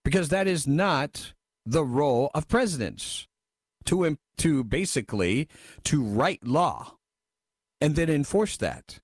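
A man's voice: on the high side, animated, slow, no echo. A man hosting a talk radio show, reading listener messages and giving wry, emphatic commentary into a studio microphone.

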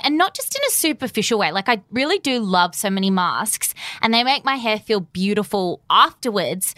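A woman's voice: lowish voice, no room sound. A young woman, co-hosting a podcast and telling stories in a chatty way. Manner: chatty, storytelling, lively. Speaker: podcast co-host. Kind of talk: casual chat.

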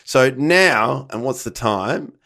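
A man's voice: mid-range voice, animated, slow pace, bright, forceful tone. A man in his thirties, co-hosting a podcast, talking in a rambling, hesitant way with many restarts. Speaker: podcast co-host. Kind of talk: casual banter.

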